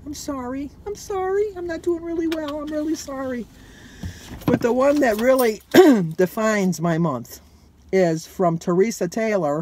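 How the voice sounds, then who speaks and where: A woman's voice: on the low side, dark tone. An older woman with a Michigan accent, talking casually and poking fun at herself while driving, her throat a little froggy. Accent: Michigan American. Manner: chatty, self-mocking, laughs at herself. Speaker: vlogger. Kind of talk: casual talk to camera. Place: in a car, driving. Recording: noisy car interior.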